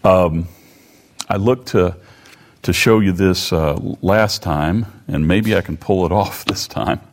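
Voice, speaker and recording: A man preaching a sermon, reading scripture and repeating phrases as he explains them. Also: low voice. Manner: slow and deliberate, reading scripture aloud with commentary.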